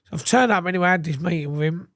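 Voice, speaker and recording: A man's voice: a little high, rapid-fire, fairly bright tone, dry recording, studio quality. An English man, a podcast guest, telling his story casually with heavy swearing and acted-out quotes. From England. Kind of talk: candid storytelling interview.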